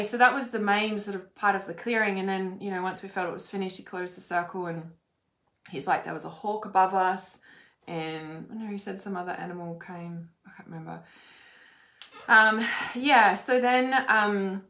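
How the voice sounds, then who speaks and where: A woman of middle pitch recounts a personal experience in loose, rambling speech. She fills her sentences with "like" and swears freely. Her voice carries a roomy echo. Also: normal speed, fairly bright tone. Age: adult. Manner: rambling, fillers like "like", frequent swearing. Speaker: spiritual vlogger. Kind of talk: casual personal storytelling.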